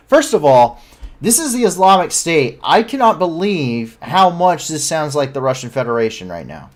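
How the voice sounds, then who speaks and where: A man's voice: fairly high pitch, sing-song, normal speed. A man hosting a live news show, giving commentary with frequent self-corrections and blunt, incredulous asides.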